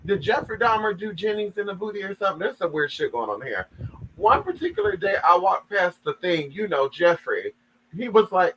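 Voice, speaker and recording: A man's voice: sits high, sing-song, moderate pace, sharp tone, low-quality recording. A man giving sassy, dramatic gossip commentary, reading a story aloud and reacting to it.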